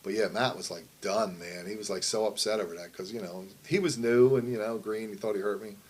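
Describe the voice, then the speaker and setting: A man's voice: fairly low pitch, fairly even intonation, a little fast, slightly rough, rough recording. A middle-aged man telling wrestling stories in a casual interview, rambling and profane, often asking "you know what I mean". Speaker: wrestling promoter.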